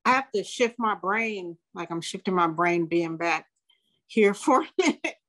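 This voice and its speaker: A woman in her sixties, a guest in a casual interview, speaking reflectively with many restarts and pauses. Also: lowish voice, expressive, fairly bright tone. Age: 60s.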